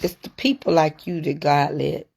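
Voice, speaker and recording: A woman hosts a casual live stream, chatting straight at her viewers and answering them by name. Her voice sits low, with a gravelly rasp and a husky, breathy edge. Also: animated, moderate pace, a little mellow. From United States. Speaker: livestream host reading viewer comments.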